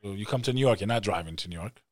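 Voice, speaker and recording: A man hosting a podcast, asking quick, conversational follow-up questions. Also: on the low side, dry recording, studio quality. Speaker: podcast host. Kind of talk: casual interview.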